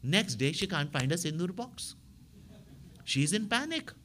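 A man, a spiritual teacher telling stories in a sermon with animated delivery and frequent tag questions to his listeners. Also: fairly high pitch, a little slow, a little hiss or hum. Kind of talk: storytelling sermon.

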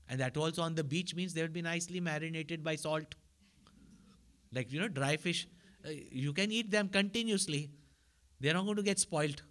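A man's voice: fairly high pitch, brisk, fairly bright tone. A man telling a story as a spiritual teacher, in a chatty manner that keeps checking in with his listeners. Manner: conversational, asks listeners for agreement.

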